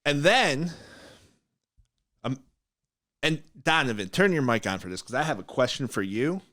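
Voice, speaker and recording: Blunt, lively man telling a story. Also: mid-range voice, measured pace, dry recording, studio quality. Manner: blunt, animated, fired-up. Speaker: mortgage broker, podcast host. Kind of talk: casual podcast storytelling.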